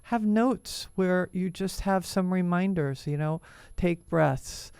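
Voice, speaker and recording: A woman co-hosting a casual conversation, speaking in a gentle, encouraging way and often murmuring agreement. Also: lowish voice, slow, gravelly, smooth, dry recording. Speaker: co-host.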